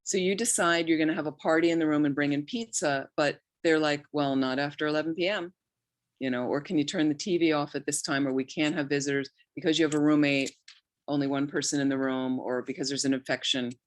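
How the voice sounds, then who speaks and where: A woman's voice: deep voice, fairly even intonation, a little fast, no echo. A middle-aged woman, a Buddhist nun, giving an informal talk with personal stories, talking conversationally with frequent restarts. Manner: conversational, anecdotal, many restarts and quoted asides.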